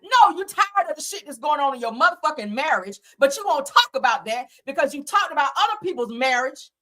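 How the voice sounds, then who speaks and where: A woman's voice: high-pitched, big pitch swings, a little fast, sharp tone. A woman hosting a casual gossip show, talking bluntly and profanely in a fired-up way. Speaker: host.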